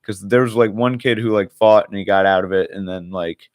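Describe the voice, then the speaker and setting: A man's voice: lowish voice, fairly even intonation, fairly quick, no echo, clean studio sound. A young man co-hosting a podcast, rambling in casual chat with lots of filler words and swearing. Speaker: podcast co-host.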